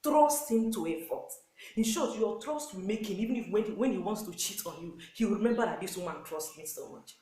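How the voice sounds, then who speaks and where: A woman's voice: mid-range voice, animated, fairly quick, warm tone, roomy sound, poor audio. Nigerian woman preaching marriage advice. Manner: earnest, repetitive exhortation with acted quotes. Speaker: pastor's wife. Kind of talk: sermon-style marriage advice.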